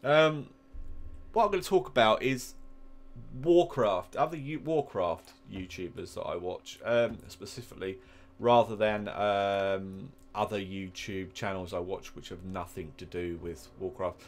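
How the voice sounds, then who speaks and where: A man's voice: low voice, measured pace. A man with an English accent giving casual, rambling commentary while playing a game, drifting into chatty asides. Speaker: gaming YouTuber.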